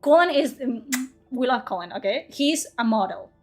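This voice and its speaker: A woman reads her own story aloud on a livestream, stopping often to chat, laugh at herself and swear. Her voice sits a little high, and faint music plays underneath. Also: expressive, moderate pace, darkish tone. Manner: swears freely, laughs at herself, chatty asides. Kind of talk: story reading with casual asides.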